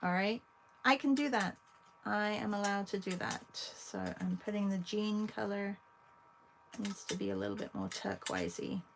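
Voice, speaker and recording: A woman with an English accent, hosting an art livestream, chatting casually with viewers while she paints and pausing often. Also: mid-range voice, expressive, creaky, slight background noise. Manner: chatty, talks to viewers between long pauses.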